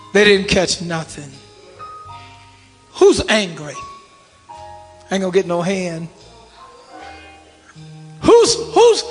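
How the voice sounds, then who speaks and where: A pastor with a very high, bright, forceful voice delivers a sermon, calling out to his congregation and then dropping into hushed asides. His preaching uses call and response, swinging from shouts to low murmurs. The sound rings through a large church hall with a long reverb tail, while soft organ music plays underneath.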